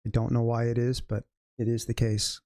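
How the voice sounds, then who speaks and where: A man talks casually over a live trading stream in a dark, mellow voice, muttering and cursing at his own mistakes. The sound is dry and close, with no room echo around it. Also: medium pitch, completely flat delivery, moderate pace. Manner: frustrated, swearing, self-critical muttering. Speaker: livestream day trader.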